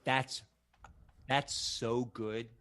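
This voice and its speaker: A man in casual conversation, telling animated stories, acting out the voices he quotes, and restarting his sentences often. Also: mid-range voice, drawn-out words, no room sound. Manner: animated storyteller who acts out quoted voices; frequent restarts and fillers.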